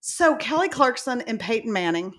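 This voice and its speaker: A woman from Texas co-hosting a podcast, telling stories in an animated way and acting out quotes in a higher voice. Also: moderate pace. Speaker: podcast co-host. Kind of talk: casual chat.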